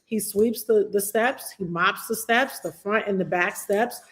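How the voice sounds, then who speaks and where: A woman's voice: medium pitch, unhurried, fairly bright tone. A woman teaching real estate investing on a live stream, emphatic and repetitive, calling on viewers by name. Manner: emphatic, repeats key phrases, addresses viewers by name.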